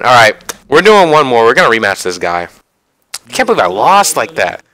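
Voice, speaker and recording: A young man giving excited, self-mocking commentary over his own online fighting game matches, often yelling at big moments. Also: mid-range voice, a little fast. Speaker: gaming YouTuber. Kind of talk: live gameplay commentary. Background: background music.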